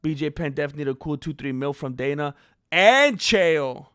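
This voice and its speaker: Bright high-voiced man hosting a livestream. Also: lively intonation, fairly quick, smooth. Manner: playful, joking, reads chat names aloud. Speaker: livestream host. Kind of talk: casual livestream chat.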